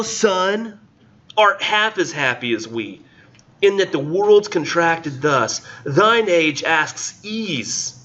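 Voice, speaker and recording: A man putting on a high, drawn-out voice to read as a lovestruck poet scolding the sun. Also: fairly bright tone, highs cut off, exaggerated voice. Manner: slow, drawn-out, exaggerated reading.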